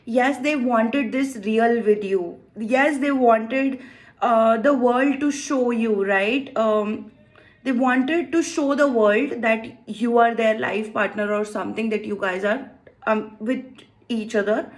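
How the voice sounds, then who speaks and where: A woman's voice: a little high, slow. A woman giving a tarot card reading to viewers, emotive and exclaiming as she thinks aloud. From India. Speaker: tarot reader.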